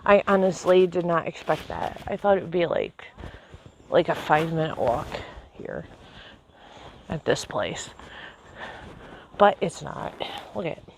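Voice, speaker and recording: A woman walks a nature trail filming herself on a handheld camera, breathless, chatty, and amazed, with plenty of fillers. Her deep, expressive voice moves at a measured pace with vocal fry and long pauses, and the outdoor recording is noisy.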